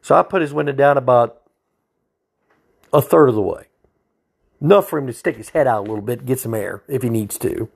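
A man's voice: mid-range voice, fairly quick, gravelly, long pauses. A man, a state trooper telling a story in a blunt, profane, folksy way. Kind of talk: casual storytelling.

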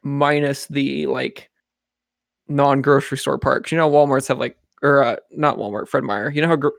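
Gravelly young man telling a story. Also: medium pitch, fairly even intonation, moderate pace, no echo, clean studio sound. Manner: rambling, filler-heavy storytelling. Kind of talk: casual storytelling chat.

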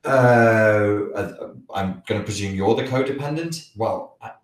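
Deep-voiced Scouse man with a blocked nose. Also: a little slow, reverberant, recorded from a distance, low-quality recording. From the Wirral, England. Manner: hesitant, many restarts, chuckles while talking. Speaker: livestream host answering chat questions. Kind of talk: casual live Q&A chat.

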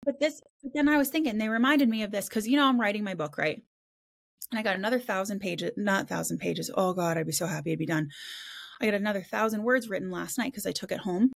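A woman hosts a casual podcast roundtable in an eager, quick, chatty way. She tells stories by acting out both sides of the talk and drops casual swear words as she goes. Her voice sits at an everyday middle pitch. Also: creaky. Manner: fast, excitable, swears casually; animated storytelling with quoted voices. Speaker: podcast host.

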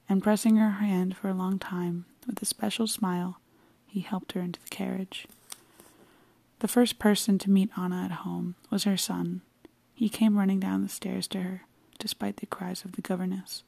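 A woman reads a classic novel aloud, softly and unhurried, often close to a whisper. Her voice is dark and gravelly with little melody. The recording is close and dry. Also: medium pitch, flat delivery, no echo. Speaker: reader.

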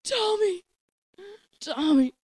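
A man voicing a frantic soldier in a melodramatic war-movie parody, shouting for help. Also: very high-pitched, lively intonation, very fast, pitched above the performer's own voice. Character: frantic male soldier on battlefield.

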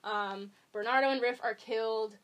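A young woman talking casually as a podcast guest, her speech full of ums and likes as she rambles through a story. Her voice sits a little high. She keeps a loose, chatty flow. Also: fairly even intonation, moderate pace, a bit bright. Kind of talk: casual chat.

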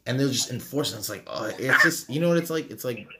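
A man's voice: mid-range voice, animated, quick pace, hardly any pauses, background noise. A man co-hosting a casual podcast, rambling with lots of fillers and self-deprecating asides. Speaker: podcast co-host. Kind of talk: casual chat.

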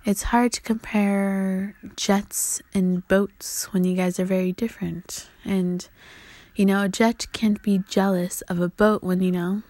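A woman's voice: medium pitch, little pitch movement, a little slow, a little mellow, no room sound. A woman in her twenties hosting a solo podcast, rambling and swearing, often dropping to a whisper. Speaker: podcast host. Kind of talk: casual solo podcast monologue.

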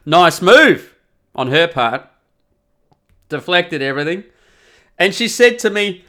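A man's voice: a little high, animated, a little slow, pauses often, pushed and bright. Ranting, sweary man. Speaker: podcast host. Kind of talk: profane comic monologue.

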